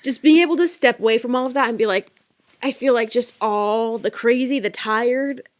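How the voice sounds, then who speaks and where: A woman's voice: a little high, moderate pace. A young woman co-hosting a podcast, talking casually and from the heart about motherhood and faith. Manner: heartfelt, reflective. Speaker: podcast co-host. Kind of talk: casual chat.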